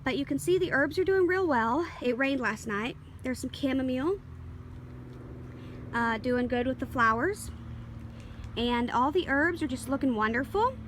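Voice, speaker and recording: A woman's voice: high voice, moderate pace, a little hiss or hum. A woman walking through her home garden outdoors, talking in a rambling, easygoing way with lots of fillers and small apologies while filming it herself. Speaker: garden vlogger. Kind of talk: casual garden tour. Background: faint outdoor ambience, passing planes.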